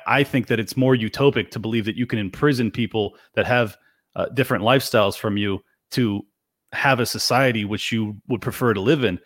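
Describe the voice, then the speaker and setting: A man's voice: lowish voice, no room sound, clean studio sound. A man in a political debate, passionate and pressing, firing challenging questions at his opponent.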